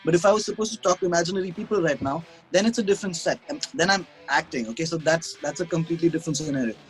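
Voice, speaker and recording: A man's voice: on the high side, rapid-fire, faint music behind, low-quality recording. A man, a guest musician chatting casually over a video call, rambling and self-mocking, with frequent restarts and laughs.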